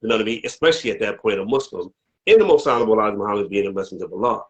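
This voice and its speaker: A man's voice: fairly low pitch, expressive, rapid-fire, dull audio. A man interviewing an elder in a casual discussion, rambling with many asides before pressing emphatic questions. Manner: rambling, many "you know what I mean" asides, rising to emphatic questions.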